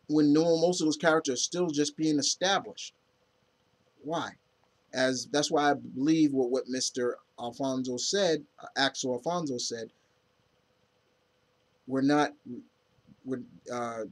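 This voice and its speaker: Rambling, opinionated man reviewing comics. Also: medium pitch. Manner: rambling, opinionated fan chatter. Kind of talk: casual spoken review.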